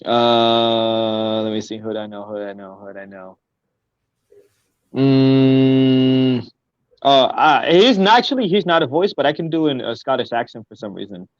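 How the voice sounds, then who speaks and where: A young man from Houston, a guest rapper chatting casually, halting and full of fillers. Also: mid-range voice, clear, resonant tone, no echo. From Houston, Texas. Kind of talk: casual interview chat. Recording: dry, slightly muffled audio.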